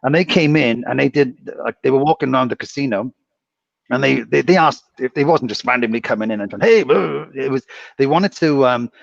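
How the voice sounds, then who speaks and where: Casino dealer guy telling stories, clears his throat a lot, kinda muffled dry sound. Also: medium pitch, fairly quick, dry recording. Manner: rambling storyteller, clears throat often. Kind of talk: casual chat.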